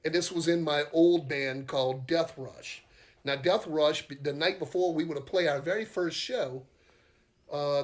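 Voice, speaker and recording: Rambling Southern man, slightly high voice. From Louisiana, US. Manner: rambling storyteller, swears, laughs easily. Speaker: metal band singer and guitarist, podcast guest. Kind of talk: casual chat.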